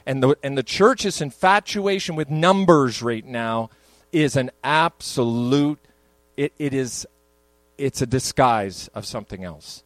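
A man's voice: medium pitch, lively intonation, unhurried, a bit bright, dry recording, rough recording. An older man, a pastor, preaching a sermon in a church, moving between conversational asides and emphatic peaks. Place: church sanctuary.

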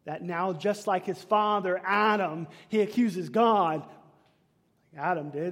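A man preaching a sermon, emphatic, swinging between loud declaiming and hushed whispers. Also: high-pitched, takes it slowly. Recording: long reverb of a large hall.

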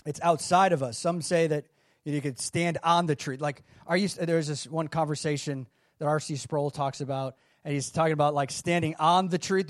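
A man's voice: fairly high pitch, fairly even intonation, moderate pace, dry recording, clean studio sound. A man preaching a sermon in a conversational way, reading scripture and adding casual asides. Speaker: pastor.

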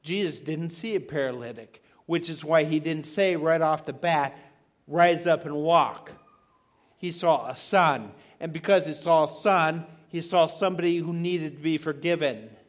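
Preaching a sermon, a middle-aged man with a slightly high voice slows down to stress key words and poses rhetorical questions to his listeners.

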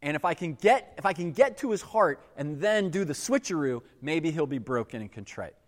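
Blunt shrewd prophet, a preacher doing the voice, plain-spoken, echoey big room. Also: male voice, on the high side, expressive, moderate pace, natural voice. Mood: scheming. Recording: echoey hall with long reverb.

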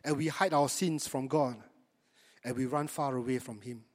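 A man's voice: medium pitch, steady tone, normal speed, long reverb tail. A man, preaching a sermon to his congregation in a conversational way and often asking them rhetorical questions. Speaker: pastor.

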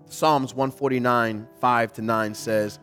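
A man preaching a sermon as a pastor in a church service, telling a story and building to loud exhortation. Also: mid-range voice, fairly even intonation, takes it slowly, soft background music.

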